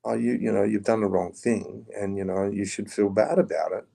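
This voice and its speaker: Casting: blunt middle-aged Australian man, very low gravelly voice, dark tone, swears freely. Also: animated, brisk, hardly any pauses. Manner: blunt, rough-spoken storyteller, swears, says "mate". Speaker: podcast guest, former prisoner. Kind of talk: casual interview talk.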